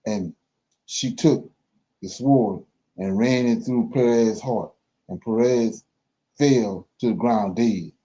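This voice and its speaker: A man reading scripture aloud for a Bible study, slow and careful, pausing and correcting himself as he goes. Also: lowish voice, dark tone, dull audio.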